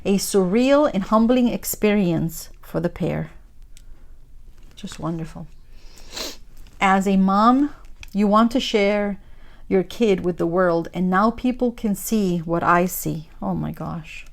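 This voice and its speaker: A woman's voice: mid-range voice, slow pace, vocal fry. A woman crafting vlogger chatting casually while diamond painting, retelling a story with lots of fillers and gushing asides to her viewers. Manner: warm, gushing asides addressed to viewers as guys.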